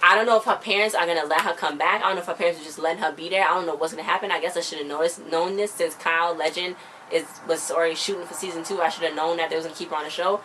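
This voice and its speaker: A chatty young woman recaps a TV episode, sounding opinionated and slipping into little voices for the characters. Her voice sits a bit low, with faint noise in the background. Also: steady tone, racing, bright, forceful tone.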